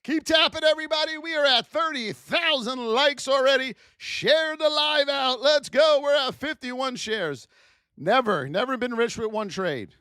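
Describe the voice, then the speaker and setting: Hyped-up high-voiced man on a livestream. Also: unhurried, sharp tone, smooth, no room sound, clean studio sound. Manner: high-energy, hype-driven, rhetorical questions to chat. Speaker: trading educator hosting a livestream. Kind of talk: live-stream trading lesson.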